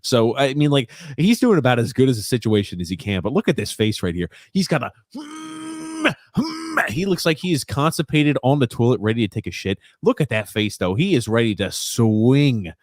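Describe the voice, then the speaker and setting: A young man co-hosting a casual chat, giving jokey, animated play-by-play of a video clip. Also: brisk, hardly any pauses, no room sound, studio quality. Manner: animated, jokey play-by-play with sudden high yelps. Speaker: podcast co-host.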